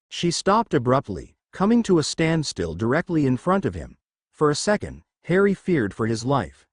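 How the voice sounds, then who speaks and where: A man narrating a fan fiction story in an animated reading style. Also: mid-range voice, normal speed, slightly rough, no echo, studio quality.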